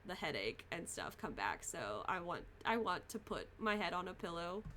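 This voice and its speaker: A woman's voice: on the low side, big pitch swings, moderate pace, sharp tone, slight background noise. Sick, tired young woman streamer. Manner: tired, apologetic, rambling. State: sick, congested voice; fighting a cough. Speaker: game streamer. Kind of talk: casual stream chat. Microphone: desk mic, no camera.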